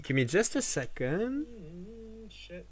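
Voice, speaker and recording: A man's voice: high voice, big pitch swings, slow pace. Fired-up man streaming. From France. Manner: impassioned, swears often, rambling restarts. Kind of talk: casual live-stream chat.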